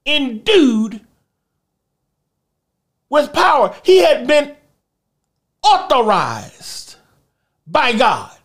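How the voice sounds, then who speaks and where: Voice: high voice, very animated, extremely slow, pauses often, a bit bright. Emphatic preacher. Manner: emphatic preaching with vivid storytelling. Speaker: pastor. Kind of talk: sermon.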